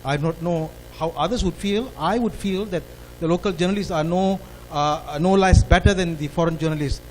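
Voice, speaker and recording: A man's voice: a little high, normal speed, background noise. Emphatic Malaysian-accented man asking questions. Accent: Malaysian English. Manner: earnest, emphatic, rising to stress points. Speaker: audience member asking a question. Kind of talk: public forum question.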